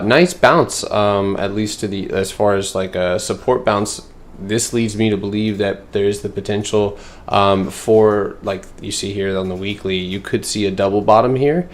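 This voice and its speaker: Lowish-voiced guy doing a laid-back stock chart livestream, talking to chat. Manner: loose, filler-heavy, answers chat. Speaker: stock trading streamer. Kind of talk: casual livestream chart analysis.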